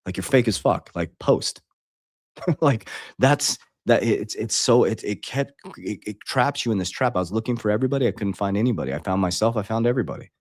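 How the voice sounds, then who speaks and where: Deep-voiced blunt man telling a story. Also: lively intonation, a little fast, no room sound. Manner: blunt, profane, rambling with many restarts. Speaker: online coach. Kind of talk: casual storytelling to followers.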